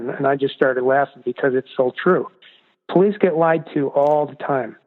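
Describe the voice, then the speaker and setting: A man, a guest author, talking earnestly and emphatically in a casual interview. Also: a little high. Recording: distant echoey phone line.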